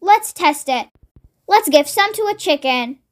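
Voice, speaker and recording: A child reading a storybook aloud, voicing an excitable, jumpy farmer father who shouts in eager impatience. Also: very high voice, unhurried. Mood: excited.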